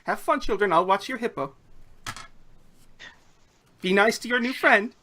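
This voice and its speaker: A man's voice: high-pitched, unhurried, pitched above the performer's own voice. A man voicing a wise, motherly old woman who guides a group of adventurers in a tabletop game. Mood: gentle. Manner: gentle, motherly.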